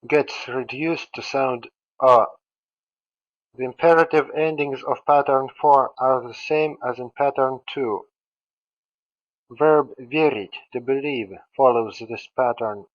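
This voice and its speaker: With the highs cut off in the audio, a man teaches grammar in a mid-range voice. He works through it slowly and methodically as a language teacher, saying each form and then translating it.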